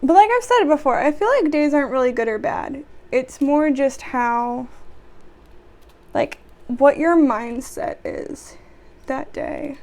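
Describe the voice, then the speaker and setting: A woman's voice: high-pitched, animated, slow pace, a little mellow. A young woman vlogger telling work stories in a casual chat, sarcastic and exasperated, with sighs.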